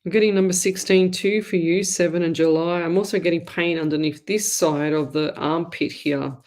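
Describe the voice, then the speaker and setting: A woman hosts a live call-in show as a psychic medium. She talks in a loose, chatty, rambling way and addresses listeners warmly as "lovey". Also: fairly low pitch, steady tone, normal speed. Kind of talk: live online call-in readings.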